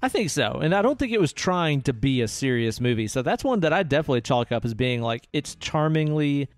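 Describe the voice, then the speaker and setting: A man in his thirties co-hosting a podcast, chatting casually about films, relaxed and swearing often. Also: on the high side, fairly quick, no room sound, faint music behind. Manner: laid-back, swears often, ends lines with "man". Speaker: podcast co-host. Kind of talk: casual film-review chat.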